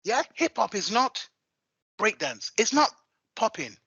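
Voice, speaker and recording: High, bright, husky hyped man in his fifties. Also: measured pace, no echo, dull audio. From England. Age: 50s. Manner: hyped and animated, swinging into playful voices. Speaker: event MC and interview guest. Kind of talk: casual interview chat.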